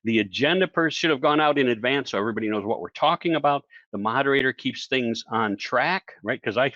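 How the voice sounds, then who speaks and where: Animated man coaching presenters. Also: mid-range voice, quick pace, dry recording, lo-fi sound. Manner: animated, acts out quoted voices, asks listeners questions. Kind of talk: energetic online presentation.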